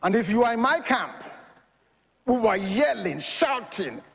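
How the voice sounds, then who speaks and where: High, lively preacher in an echoing hall. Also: male voice, measured pace, gravelly, husky. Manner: lively preaching that swings from quiet reading to loud shouting. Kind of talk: sermon.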